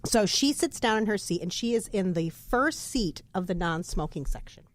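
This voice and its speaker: Animated woman telling a joke. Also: mid-range voice, moderate pace. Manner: animated storyteller. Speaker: podcast co-host. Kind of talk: casual chat, telling a joke.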